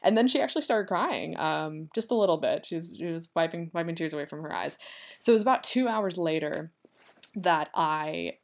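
A woman's voice: sits low, animated, moderate pace. A young woman hosting her own podcast, telling a personal story in a chatty, rambling way full of fillers, recorded at home. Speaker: podcast host. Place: home room with her cats.

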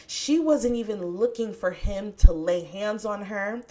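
A woman hosting a podcast, talking about scripture in a casual, chatty way with bursts of excitement. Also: medium pitch, unhurried, few pauses. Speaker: podcast host. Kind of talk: casual faith podcast talk.

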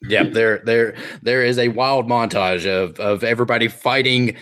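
A man's voice: mid-range voice, steady tone, normal speed, fairly bright tone. A man narrating a comedic tabletop game as game master, playful, briefly putting on voices for characters.

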